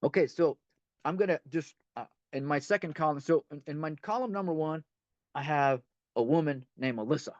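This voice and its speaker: A man with a higher-pitched voice leads a recovery step workshop in a chatty teaching manner. He circles back over his points and puts questions straight to the group. The recording is dull, lo-fi and very dry. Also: fairly quick, a little mellow, no room sound. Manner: repeats himself, speaks straight to the group. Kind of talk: conversational teaching talk.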